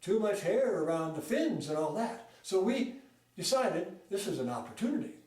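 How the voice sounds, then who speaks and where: A man telling a tall fishing tale at a speaking club, folksy, with lively shifts in pace and volume. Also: high voice, normal speed. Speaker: storyteller. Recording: echoey room, mic far off.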